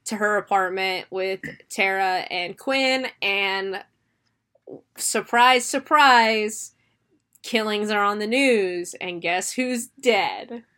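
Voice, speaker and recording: A young woman co-hosting a casual movie review podcast, excitable and giggly, acting out characters' lines as she talks. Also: mid-range voice, takes it slowly. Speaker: podcast co-host.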